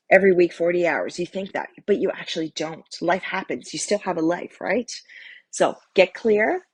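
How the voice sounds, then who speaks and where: A woman's voice: on the low side, creaky, a little mellow, breathy edge, no echo. A middle-aged woman and lifestyle coach giving a candid, motivational talk to camera, addressing the viewer directly and swearing casually.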